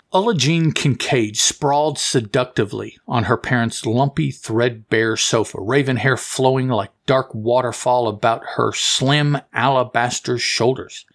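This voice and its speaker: A man's voice: mid-range voice, gravelly, fairly bright tone. A man hosting a casual comic book review show, rambling and correcting himself as he reads passages aloud. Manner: rambling, self-correcting, chatty. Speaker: comic book podcast host.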